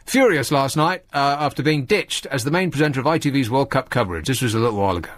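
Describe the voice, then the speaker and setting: A man's voice: medium pitch, lively intonation, fast talker, a bit bright. A man hosting a radio show, talking in a casual comic monologue full of sarcastic, mocking asides. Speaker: radio host.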